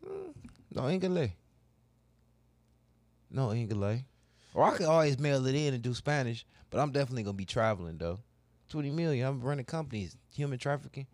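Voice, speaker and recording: Joking, lively-voiced man in casual banter. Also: medium pitch, fast, no echo. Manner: joking, crude banter, breaks into mock Jamaican lines. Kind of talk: casual chat.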